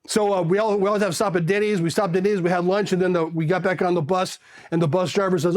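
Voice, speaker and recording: A middle-aged Marine Corps veteran from California, casually telling stories and animatedly acting out the voices of the people in them. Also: male voice, high-pitched, fast. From South Pasadena, California. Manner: animated, acts out voices in his anecdotes and laughs often. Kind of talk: casual storytelling.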